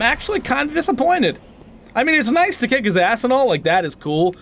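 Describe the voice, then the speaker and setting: A man giving comic let's-play commentary, excitable and self-mocking, trash-talking enemies with sudden shouts. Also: very high voice, fairly quick, slight background noise. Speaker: gaming channel host.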